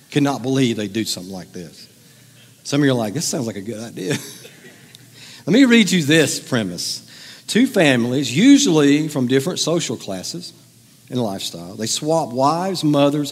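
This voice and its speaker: Joking pastor in a reverberant hall. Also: male voice, a little high, husky. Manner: joking, conversational, teasing the audience. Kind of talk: humorous sermon to a congregation. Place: church hall with audience.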